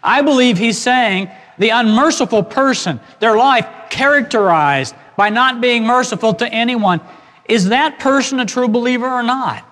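A man preaching an expository sermon as pastor, emphatic and slowing down to stress key phrases. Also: very high voice, lively intonation, a bit bright. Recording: long hall reverb.

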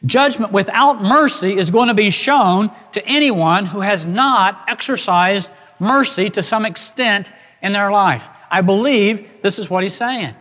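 A man preaching an expository sermon as pastor, emphatic and slowing down to stress key phrases. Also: high voice, fairly bright tone. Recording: long hall reverb.

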